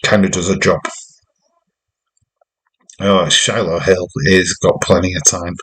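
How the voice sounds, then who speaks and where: A man's voice: low voice, fairly even intonation, measured pace, fairly bright tone, low-quality recording. A man giving rambling, jokey running commentary while hosting a live wrestling watch-along stream.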